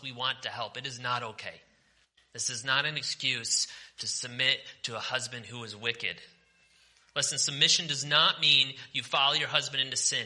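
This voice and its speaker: A male pastor preaching a sermon with passion, moving from forceful declarations down to hushed, almost whispered lines. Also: mid-range voice. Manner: impassioned, swings from forceful preaching to near-whispers.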